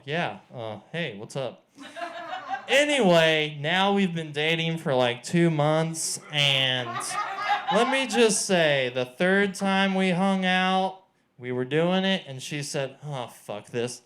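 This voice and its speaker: Deadpan stand-up comic, a man. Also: a little high, slow, slight background noise. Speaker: stand-up comedian. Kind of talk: stand-up set. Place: small comedy venue.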